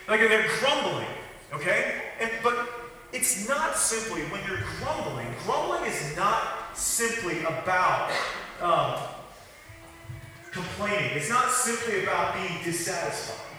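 A man's voice: sits high, big pitch swings, slow pace, bright, forceful tone, faint music behind. A man preaching a sermon to his congregation, talking conversationally with joking asides. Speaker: pastor. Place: church sanctuary. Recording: echoey hall, mic from a distance.

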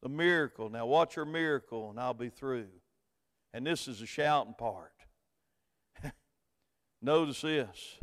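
A middle-aged man with a Southern American accent gives a folksy sermon as a pastor, alternating quiet asides with booming, emphatic preaching. He speaks in a mid-range voice at a measured pace, leaving long pauses, and the sound has hall reverb.

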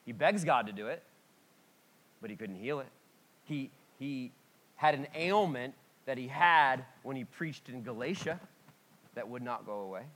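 A man preaching a conversational sermon as a pastor, candid and self-deprecating, with sudden swings between loud and quiet. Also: medium pitch, unhurried, long pauses. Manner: lively, sudden swings in loudness.

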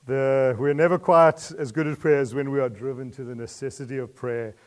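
A man preaching a sermon. He asks his listeners questions, laughs lightly between points, and moves from quiet asides to loud emotional pleas. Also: mid-range voice, fairly even intonation, moderate pace.

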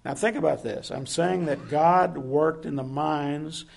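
Male preacher, gravelly and slightly high-pitched, earnest sermon delivery with questions to the congregation. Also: measured pace. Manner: earnest, asks the listeners direct questions.

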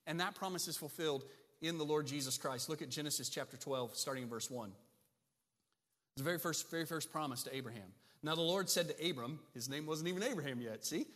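A man preaches a sermon with an emphatic delivery and keeps asking his listeners "right?". His voice sits fairly high. The sound carries a long reverb, as in a church sanctuary. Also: fast, a bit bright. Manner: emphatic, asks the congregation "right?". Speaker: pastor.

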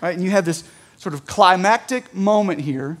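A man preaching a sermon in a conversational way. He reads scripture aloud and explains it, often checking in with listeners with a quick "right?". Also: high voice. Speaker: pastor.

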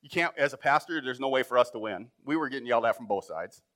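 A pastor preaching a sermon in a conversational way, building up to emphatic points. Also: male voice, medium pitch, animated, fast talker, a bit bright.

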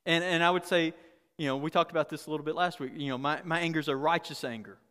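A pastor preaching a candid, conversational sermon with humor and frequent restarts. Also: male voice, a little high, fairly even intonation, quick pace, bright, forceful tone, clear, resonant tone, big-room sound.

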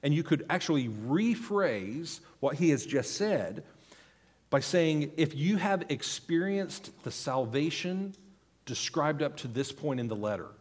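A man in his thirties delivering a sermon in a church, his voice a little husky. He speaks unhurriedly, with a lively rise and fall, teaching earnestly and pleading his points to the congregation. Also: fairly high pitch, unhurried. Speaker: pastor.

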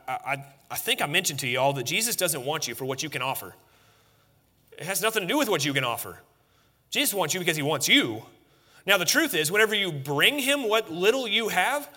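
A man in his thirties preaching a relaxed, conversational sermon to his congregation, self-deprecating and full of fillers and restarts. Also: a little high, brisk. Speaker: pastor. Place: church sanctuary, seated before the congregation.

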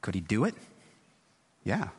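Man preacher, lively sermon delivery, slightly husky voice, long church-hall reverb. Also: fairly low pitch, unhurried. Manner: conversational, thinking aloud with frequent restarts. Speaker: pastor.

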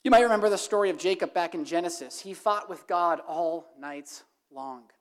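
A woman with a fairly low voice preaches to her congregation at a moderate pace. Her delivery is emphatic and climbs into impassioned, repeated questions.

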